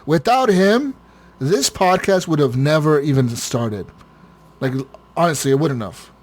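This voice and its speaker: A man's voice: fairly high pitch, lively intonation, measured pace, darkish tone. A man hosting a gaming podcast in casual chat, swearing freely, laughing often and stumbling over repeated words. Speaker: podcast host.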